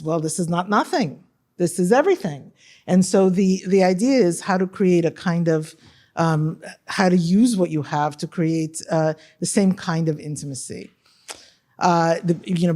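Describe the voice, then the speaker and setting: A woman scholar speaking on a panel discussion about translation, animated and emphatic, often tagging her points with questions. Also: on the low side.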